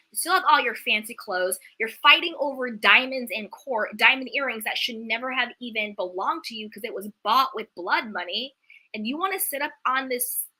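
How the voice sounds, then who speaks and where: A woman with a high, very bright voice delivers a heated reality TV recap rant. She is indignant and animated and keeps using "like" as she talks. Her tone is cutting and sharp.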